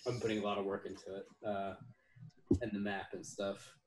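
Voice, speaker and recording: A game master in casual chat during a break, animated, cooing at a pet and swearing casually. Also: low-pitched, a little fast, echoey room, background noise.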